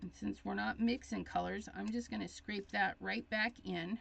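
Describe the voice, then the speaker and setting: A woman hosting a crafting tutorial, chatting casually and thinking aloud, easily excited as she works. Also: medium pitch, moderate pace, vocal fry, husky. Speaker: craft demonstrator. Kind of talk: live crafting tutorial chat.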